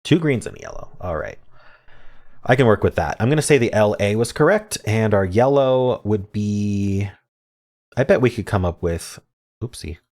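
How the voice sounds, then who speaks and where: Low-voiced man thinking aloud. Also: lively intonation, normal speed, darkish tone. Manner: thinks aloud, muttering half-sentences. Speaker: word game video host. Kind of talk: casual puzzle-solving commentary.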